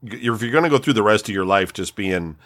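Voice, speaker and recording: A man in his forties in casual conversation, rambling and frank, swearing freely and filling pauses with "um" and "like". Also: on the low side, expressive, a bit bright. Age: 40s. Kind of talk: casual chat.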